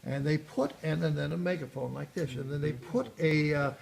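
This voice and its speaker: A man's voice: a little high, normal speed, creaky. A man giving a museum tour, explaining exhibits in a rambling way with many hesitations and restarts. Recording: echoey room, faint background noise.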